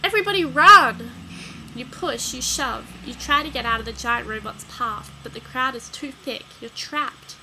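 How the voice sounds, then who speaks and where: Bright-voiced woman reading a spooky kids' story. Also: on the high side, moderate pace, vocal fry, few pauses, a little hiss or hum, low-quality recording. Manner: voices the dialogue with lively emphasis. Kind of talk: reading a children's gamebook aloud.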